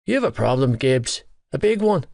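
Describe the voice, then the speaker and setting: A man's voice: mid-range voice, big pitch swings, normal speed, a little mellow, no echo. An irritable teenage rugby player who growls and snaps back, as a male reader puts him on. His lines sit a little above the narrator's plain tone, clipped and short-tempered. The recording is dry and close. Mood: irritated. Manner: gruff, irritable, swearing. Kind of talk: audiobook character voice.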